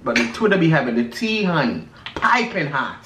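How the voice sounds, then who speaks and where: A man's voice: a little high, big pitch swings, moderate pace, background noise. A man co-hosting a casual eating vlog, sassy and gossipy, calling everyone "girl" and "honey". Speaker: vlog co-host. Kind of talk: casual chat while eating. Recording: roomy echo.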